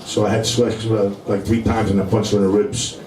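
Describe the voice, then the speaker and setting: A middle-aged man from Brooklyn, New York, with a New York accent, rambles through a stand-up set for a live club crowd, dropping "you know" constantly. His voice is lowish, flat, and fairly quick, and he sounds far from the mic. The club room is echoey with noisy ambience.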